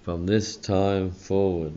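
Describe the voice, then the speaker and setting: A male pastor preaching a sermon, slow and emphatic, often tagging on a questioning "hey?". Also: sits low, level tone, warm tone. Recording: dull lo-fi sound.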